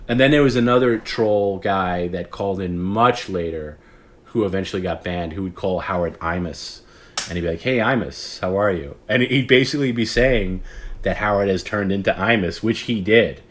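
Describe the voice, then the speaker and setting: A man's voice: low-pitched, moderate pace. A man in his forties, the host of a late-night stream, telling rambling stories in casual chat and acting out the callers he remembers. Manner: rambling, self-interrupting storyteller who acts out quoted callers.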